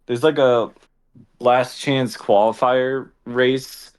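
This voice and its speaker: A young podcast co-host speaks slowly and clearly in a resonant, mid-range voice with fairly even intonation. He rambles through casual chat, full of fillers and laughter.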